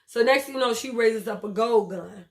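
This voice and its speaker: A woman, recapping a TV episode in a casual, blunt, profane way with animated retelling and acted quotes. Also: on the high side, normal speed. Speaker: TV show reviewer.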